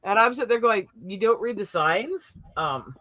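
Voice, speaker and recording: A woman's voice: medium pitch, expressive, normal speed, bright, forceful tone, slight background noise. A woman from the South Dakota and Montana area hosting a casual chat, talking in a blunt, profane, rambling way. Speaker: host.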